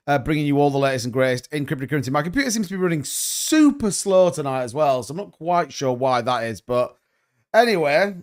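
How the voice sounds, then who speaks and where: A man's voice: on the high side, animated, brisk. A man hosting a crypto livestream, chatting casually and greeting viewers by name.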